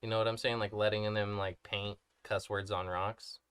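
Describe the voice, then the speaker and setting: A man's voice: fairly low pitch, little pitch movement, normal speed, fairly bright tone, clean tone, no echo. A man telling crude, funny stories about his kids in a casual podcast chat, laughing often and cursing freely. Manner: profane, laughing storyteller. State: smoking cannabis. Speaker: podcast co-host.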